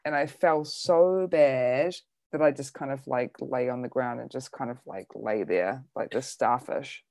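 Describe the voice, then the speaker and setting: A woman's voice: rumbling low, a little slow, darkish tone, dry recording, studio quality. A woman comedian chatting casually, telling a rambling story about a show she hosted. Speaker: comedian and bingo host. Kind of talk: casual chat.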